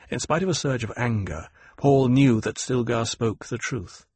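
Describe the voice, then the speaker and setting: A man reading a novel aloud in a measured, even narrating manner. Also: mid-range voice, slightly rough, no echo. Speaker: audiobook narrator. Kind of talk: scripted narration.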